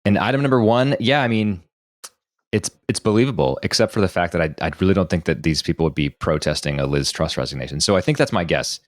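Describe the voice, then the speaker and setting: Man with a very deep voice, chatting. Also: quick pace, dry recording. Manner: thinks aloud, reasoning step by step. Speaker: podcast co-host. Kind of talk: casual podcast chat.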